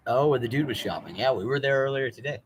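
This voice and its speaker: A man's voice: medium pitch, fast talker, a little hiss or hum. A man live-streaming from a phone in a motel parking lot in light rain, talking in a rambling, profane, chatty way. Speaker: vlogger. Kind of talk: live-streamed walking vlog.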